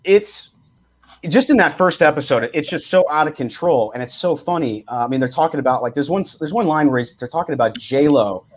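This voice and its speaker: A man's voice: fairly high pitch, animated, fairly quick. A man hosting a casual podcast, enthusiastic and stumbling over his restarts. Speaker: podcast host.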